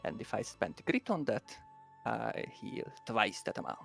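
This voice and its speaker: Gravelly man reading game rules. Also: lowish voice, big pitch swings, measured pace, fairly bright tone, faint music behind. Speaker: player. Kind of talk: tabletop game play.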